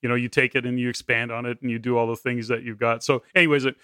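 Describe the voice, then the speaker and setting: A man's voice: medium pitch, level tone, fast, bright, forceful tone, clear, resonant tone, no room sound, studio quality. A man hosting a podcast interview, talking in long, rambling turns with many restarts. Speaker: podcast host.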